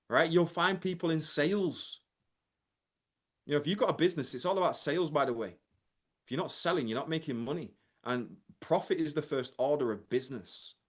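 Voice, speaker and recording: A man giving a motivational coaching talk to a live chat, emphatic and often asking the audience "right?". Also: on the high side. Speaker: mindset and business coach.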